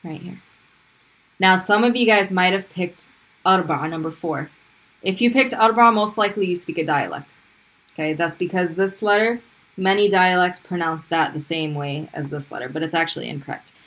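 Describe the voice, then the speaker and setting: A woman's voice: lowish voice, a little fast, a bit bright, low-quality recording. A woman teaching Arabic pronunciation in a recorded video lesson, patiently repeating each sound for drilling.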